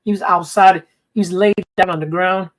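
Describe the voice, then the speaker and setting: A man in a casual panel chat, rambling through stories with quick asides. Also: high voice, fairly even intonation, rough recording. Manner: rambling storyteller, retelling funny videos with quick asides. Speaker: panel guest.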